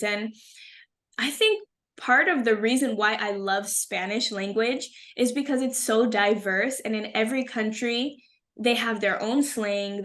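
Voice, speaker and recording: Affirming woman with a higher voice. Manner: warm, affirming, emphatic. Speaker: co-host, Spanish and English teacher. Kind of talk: casual conversation.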